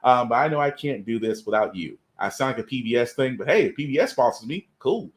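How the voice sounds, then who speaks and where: A man's voice: mid-range voice, expressive, fast talker. A man hosting a live podcast, talking in an earnest, emphatic way and repeating his points. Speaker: podcast host. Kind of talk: casual live podcast commentary.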